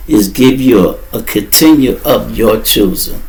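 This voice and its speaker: A man voicing a calm, apologetic male judge who speaks softly and evenly. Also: mid-range voice, vocal fry, low-quality recording. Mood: regretful. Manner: soft, measured, quiet.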